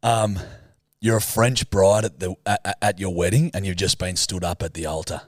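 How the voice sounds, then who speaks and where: A man's voice: deep voice, fairly even intonation, normal speed, no room sound, clean studio sound. A young man co-hosting a casual comedy podcast, teasing playfully and laughing at his own jokes. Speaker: co-host.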